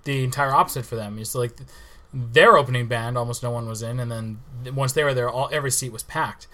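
Animated male podcast co-host, bright voice. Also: medium pitch, fast. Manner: animated, exclaims and swears mildly. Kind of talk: casual chat.

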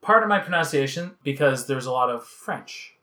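A man's voice: mid-range voice, expressive, normal speed, bright, forceful tone. A man from Canada co-hosting a casual music podcast, chatting and reading out researched facts about a band. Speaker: podcast co-host. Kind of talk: casual chat.

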